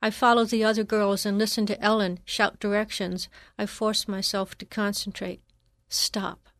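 A woman narrating a first-person memoir in a measured, reflective reading. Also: mid-range voice, level tone, dry recording, studio quality.

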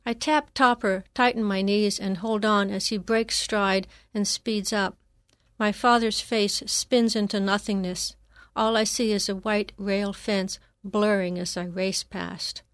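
Measured woman reading a memoir. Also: mid-range voice, fairly even intonation, fairly bright tone, no room sound, clean studio sound. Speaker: narrator. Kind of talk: first-person memoir reading.

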